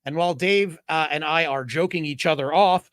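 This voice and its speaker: Laughing middle-aged podcast comedian. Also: male voice, a little high, normal speed, heavy background noise. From Philadelphia area. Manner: laughs at own jokes, reads joke setups. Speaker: podcast co-host. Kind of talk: casual comedy podcast chat.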